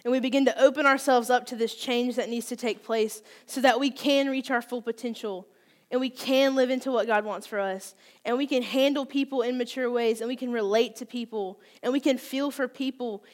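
A woman's voice: on the high side, steady tone, moderate pace. A woman in her twenties giving a candid, conversational sermon, open and self-deprecating about her own faults. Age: 20s. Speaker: youth speaker.

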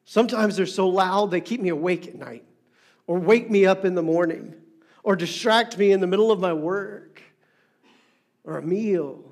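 A middle-aged man preaches with a voice set a little high for a man. He leans hard into repeated phrases for emphasis. His delivery swings between loud, stressed lines and hushed, near-whispered ones. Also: moderate pace. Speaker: pastor. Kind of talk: sermon.

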